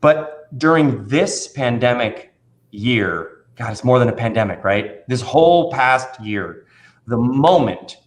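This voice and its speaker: Animated male magician telling stories. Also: mid-range voice. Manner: animated storyteller, acts out voices in anecdotes. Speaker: magician and children's performer. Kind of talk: casual interview conversation.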